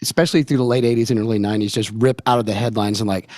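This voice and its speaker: A man's voice: lowish voice, steady tone, very fast, darkish tone, dry recording. A man hosting a podcast, chatting loosely and asking the guest questions. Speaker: podcast host. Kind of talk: casual interview chat.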